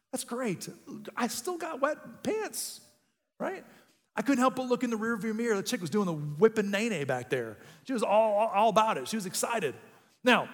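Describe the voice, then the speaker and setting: A man in his thirties preaching a sermon as a pastor, telling a funny personal story with lots of energy. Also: high voice. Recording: long reverb in a large room.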